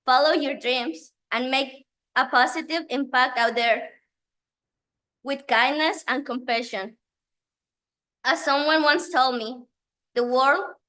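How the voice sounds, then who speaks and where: A woman whose first language is Spanish gives a prepared graduation speech, nervous and emotional, reading with pauses. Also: high voice, pushed and bright.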